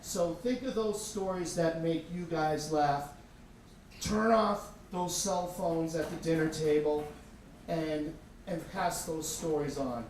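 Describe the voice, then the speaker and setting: A man tells a story to a live crowd in an earnest, animated way. His voice sits high for a man. It comes from a distant mic in a room full of echo. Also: takes it slowly, a little hiss or hum. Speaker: storyteller, teacher. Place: tavern with live audience.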